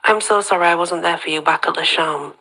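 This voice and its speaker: A woman reading the lines of an anxious, apologetic young woman friend in a storybook, in her own husky low voice. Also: brisk, pushed and bright, rough recording. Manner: fretful, apologetic.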